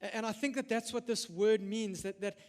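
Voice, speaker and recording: A middle-aged man delivers a sermon in a high, bright voice that rings through a church hall with a long reverb. He presses his points hard, tripping over his words and restarting them as he goes. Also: fairly even intonation, moderate pace. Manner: emphatic, frequent stammered restarts. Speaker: pastor.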